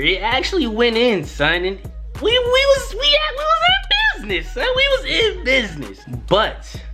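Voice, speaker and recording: Animated young man telling a story. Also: high voice. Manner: animated, slangy, profane. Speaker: YouTuber. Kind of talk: casual storytelling.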